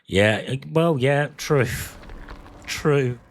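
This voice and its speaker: A man's voice: mid-range voice, very slow, a little hiss or hum. A man chatting to his viewers while he streams a game, rambling and joking between rounds. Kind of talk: live gameplay commentary.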